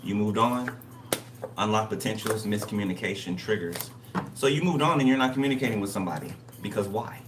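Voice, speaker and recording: Low-voiced guy doing a card reading, blunt and cussing, echoey room, sitting back from the mic. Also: a little fast, recorded from a distance, background noise. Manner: blunt, repetitive, profane. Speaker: tarot reader. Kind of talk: casual spiritual reading monologue.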